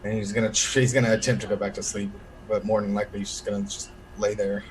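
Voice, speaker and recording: A man's voice: lowish voice, flat delivery, fast talker, a little hiss or hum, low-quality recording. A man playing a tabletop role-playing game, describing what his character does with hesitations and restarts. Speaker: player.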